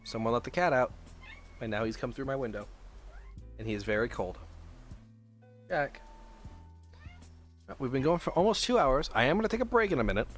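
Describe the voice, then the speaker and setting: A man's voice: mid-range voice, lively intonation, a little fast, pauses often, faint music behind. A man chatting casually on a live stream from his room at home, planning a tabletop setting aloud and swearing freely.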